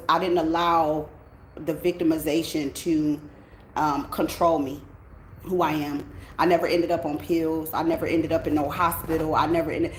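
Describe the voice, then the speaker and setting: Woman host, low-pitched voice, blunt animated storyteller, heavy swearing, roomy echo. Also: a little hiss or hum. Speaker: tarot channel host. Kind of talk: casual storytelling to viewers. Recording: echoey room.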